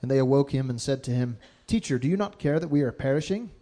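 A man reading Bible passages aloud in a steady, measured way during a sermon. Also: medium pitch. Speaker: scripture reader.

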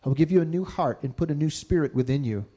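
A man reading Bible passages aloud in a steady, measured way during a sermon. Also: a little high. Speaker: scripture reader.

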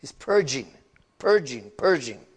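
A man's voice: mid-range voice, sing-song, unhurried, breathy edge. A man leading a sermon, who talks about the scripture readings in a conversational, earnest way and repeats words for emphasis. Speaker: preacher. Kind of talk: sermon commentary.

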